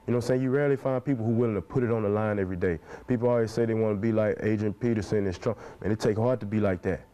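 In an interview, a man in his twenties speaks very fast with preacher-like passion, peppering nearly every phrase with "man". His fairly low voice is warm, with fairly even intonation, and the talk is earnest.

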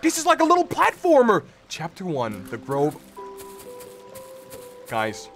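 A young man doing excitable live gameplay commentary, full of yelps and playful exclamations. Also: on the high side, normal speed, pauses often. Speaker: streamer. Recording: game music under the voice.

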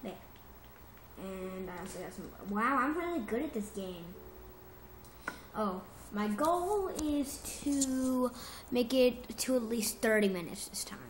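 Chatty woman narrating her game slowly. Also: on the high side, slight background noise. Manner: chatty and excitable, corrects herself often. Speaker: gameplay commentator. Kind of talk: rambling casual gameplay commentary. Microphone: phone. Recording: roomy echo with music behind.

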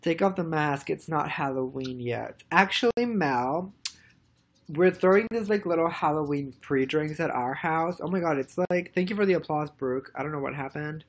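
A young woman chatting casually on a live stream, rambling and excitedly thanking viewers by name. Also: sits low, normal speed. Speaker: livestreamer.

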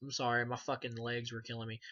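A man rambles through a casual film review in a flat, monotone delivery, cursing freely and leaning on fillers. His tone is bright and a bit sharp. The recording sounds dull and lo-fi. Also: mid-range voice, quick pace. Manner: rambling, profane, many fillers. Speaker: movie reviewer.

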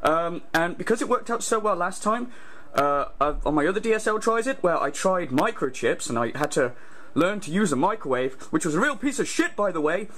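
A man's voice: high voice, sing-song, a little fast, fairly bright tone, exaggerated voice. A man playing a self-important male YouTuber reviewing food, rambling and complaining in a pompous way. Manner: pompous, rambling, grumbling asides. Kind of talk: parody impression.

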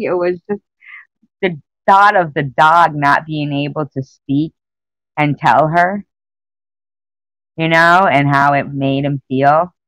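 A woman's voice: sits low, slow, pauses often, a bit bright, dry recording, low-quality recording. A woman chatting casually on a live stream, rambling and emotional as she greets her viewers by name.

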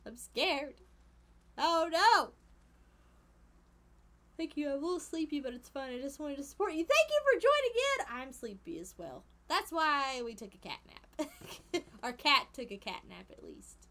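Young woman streamer, super high voice, giggly and squealy, faint game music behind. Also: unhurried. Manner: animated, giggly, squeals and exclaims, with quiet murmured asides. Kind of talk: casual gameplay commentary.

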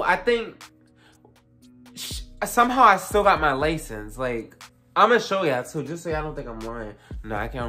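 A young adult vlogger telling a casual storytime, animated and profane, full of fillers and asides to the viewers. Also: mid-range voice.

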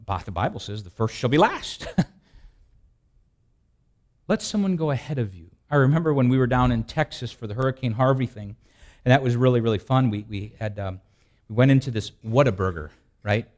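Lively, joking male pastor. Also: mid-range voice, brisk, long pauses. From US Midwest. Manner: folksy, joking storyteller with asides and restarts. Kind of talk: sermon.

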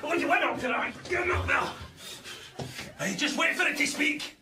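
A Scottish man stuck in a lift, getting exasperated and shouting as he repeats himself. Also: very high voice, moderate pace, full character voice. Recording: noisy, with audience laughter.

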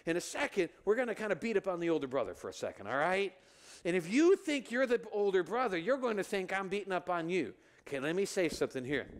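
A male pastor preaching in a church, his voice pitched high for a man and swinging widely up and down. He acts out the quoted lines and keeps the sermon lively. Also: fast talker. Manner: animated, acts out the brothers' lines with rising pitch. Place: church sanctuary.

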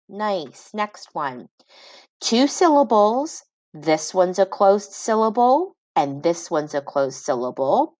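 A woman reading teacher giving a phonics lesson to children, sounding words out slowly syllable by syllable and praising each try. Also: fairly low pitch, big pitch swings, no echo.

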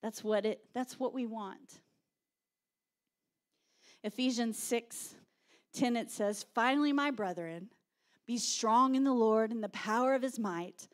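A woman pastor, preaching a sermon with animated storytelling and shouted quotes. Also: fairly high pitch, unhurried, long pauses.

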